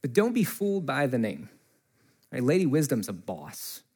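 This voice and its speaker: In a church, a pastor with a husky, mid-range voice preaches at normal speed into a close mic. He recounts a story in a loose, conversational style, bringing it to life by quoting the people involved.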